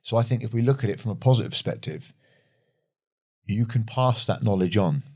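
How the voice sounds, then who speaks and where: A man with a lowish voice hosts the conversation. He asks questions in a relaxed, chatty way and shares his own stories along the way. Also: brisk. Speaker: podcast host. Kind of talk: interview conversation.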